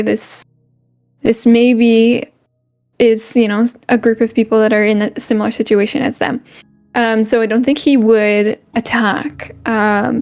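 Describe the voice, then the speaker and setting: A woman's voice: on the high side, darkish tone. Hesitant woman player thinking aloud. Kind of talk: casual chat.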